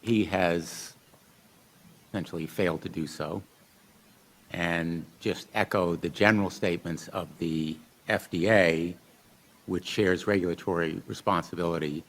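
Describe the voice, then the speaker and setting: A man's voice: deep voice, steady tone, unhurried. A middle-aged man, a senator, pointedly questioning witnesses at a formal hearing. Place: hearing room.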